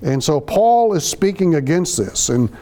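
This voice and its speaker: Man, preacher, verse-by-verse sermon, conversational, warm tone, slightly high voice. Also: big pitch swings, measured pace. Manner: conversational, explains each phrase, acts out quotes. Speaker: Bible teacher.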